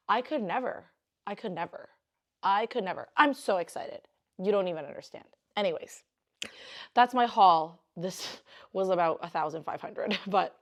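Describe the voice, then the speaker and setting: A young woman talks through a jewelry unboxing for her vlog. She chats and rambles at a middling pitch and breaks into gushing, squealing bursts of excitement. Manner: chatty, rambling.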